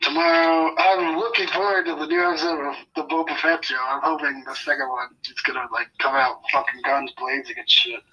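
A man's voice: a little high, level tone, a little fast, few pauses, pushed and bright, slightly rough, recorded from a distance, muffled recording. A man co-hosting a casual podcast chat, talking loosely with lots of "like" and swearing. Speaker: podcast co-host.

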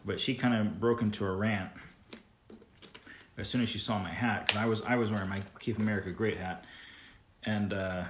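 A man's voice: fairly low pitch, steady tone, moderate pace, long pauses, noisy background. A young man from California chatting casually as a podcast host, rambling and restarting his sentences. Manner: rambling, repeats words, restarts often. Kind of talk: casual chat. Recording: echoey room.

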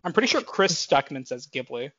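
A young man in his twenties chatting casually as a podcast co-host, his voice sitting a bit high for a man. He rambles, restarts and pads with fillers. The audio is dry and a little dull, with no room sound. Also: normal speed, fairly bright tone, no room sound. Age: 20s. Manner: rambling, filler-heavy, self-correcting. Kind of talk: casual chat.

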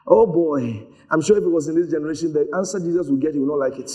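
A man preaching a sermon, telling stories in an animated way and slipping into voices for the people in them. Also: on the high side, fast talker, hardly any pauses. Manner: animated storytelling, acts out voices.

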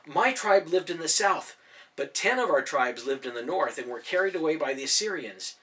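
A man voicing an earnest young Israelite woman who is startled and easily excited, reading her lines in a storybook reading. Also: sits low, moderate pace, far from the mic.

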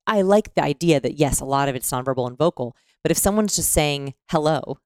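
A woman explaining things conversationally on a podcast, animated and often demonstrating voices mid-sentence. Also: low-pitched, fairly quick, smooth, no echo, clean studio sound.

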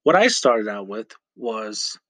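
Slow-talking man with a dry podcast mic. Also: lowish voice, very animated, sharp tone, no room sound. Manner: rambling, chatty, self-correcting with frequent fillers. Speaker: podcast host. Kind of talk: casual solo podcast chat.

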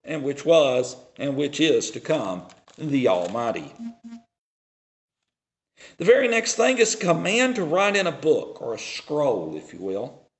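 Slow, lively-voiced male preacher. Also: fairly high pitch. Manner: slow, deliberate preaching with dramatic pauses and swings in loudness; reads scripture aloud in a raised, declaiming voice. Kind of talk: sermon.

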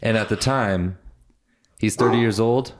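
A man's voice: on the low side, measured pace. A man hosting a casual, bantering podcast chat about a novel. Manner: playful, bantering. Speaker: podcast host. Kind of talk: casual book-review chat.

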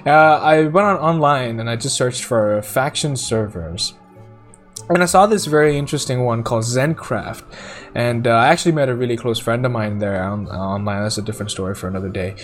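A man's voice: mid-range voice, a little fast, soft background music. A young man hosting a casual podcast, rambling through stories with frequent laughter and restarts. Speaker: podcast host.

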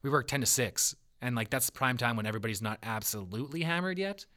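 A young man co-hosts a podcast in a laid-back, joking way. He peppers his talk with fillers and swearing. His voice is bright and sharp, at a middling pitch. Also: fast talker. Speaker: podcast co-host. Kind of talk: casual chat.

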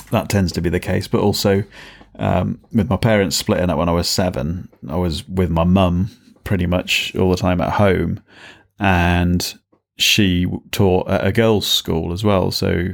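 A man's voice: sits low, gravelly. A man co-hosting a podcast, chatting casually, laughing often and trailing off mid-thought. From England. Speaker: podcast co-host.

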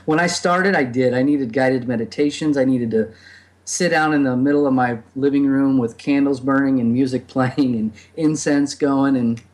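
A man's voice: medium pitch, moderate pace, a little mellow. A man speaking reflectively in a casual podcast conversation, with many fillers and restarts. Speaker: podcast guest.

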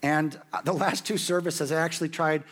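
Hoarse pastor preaching, higher-pitched man. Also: fairly even intonation, fairly quick, fairly bright tone. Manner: rises in pitch and volume when quoting scripture. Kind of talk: sermon.

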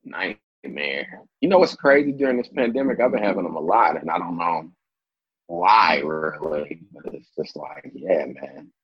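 A man telling a long story in a casual interview, animated and swearing freely as he acts out what people said. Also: sits low, normal speed, slightly rough, dry recording. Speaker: interview guest. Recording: dull lo-fi sound.

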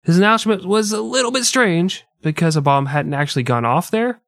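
A man's voice: high-pitched, lively intonation, brisk, creaky, fairly bright tone, no echo, clean studio sound. A man hosting a casual comedy podcast, reading history and joking. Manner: joking, swears freely. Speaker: podcast host.

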